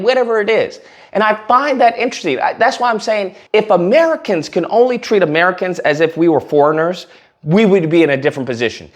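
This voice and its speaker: A man's voice: high voice, lively intonation, fairly quick. A man hosting casual political commentary, blunt and sarcastic, rambling in his delivery.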